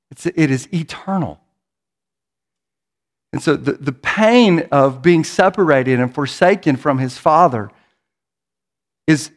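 A man preaching a sermon in a church, in an earnest manner, often repeating words as he builds toward a point. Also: fairly high pitch. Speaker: pastor.

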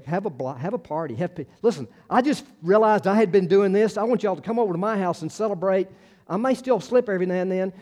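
A man's voice: high voice, warm tone. A male pastor, preaching a conversational sermon full of restarts and acted-out quotes.

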